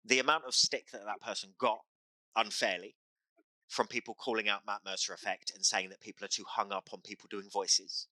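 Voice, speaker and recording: A man's voice: fairly low pitch, fairly even intonation, a little fast, bright, forceful tone, dry recording, low-quality recording. A man hosting a podcast as a game master, talking in impassioned, emphatic casual chat that repeats phrases for effect.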